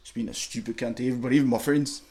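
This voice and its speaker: Man, new zealand accent, young adult, blunt, slangy, swears a lot, low-key, candid storytelling. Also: steady tone, very fast, heavy background noise. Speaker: interviewee. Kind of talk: candid personal story, casual chat.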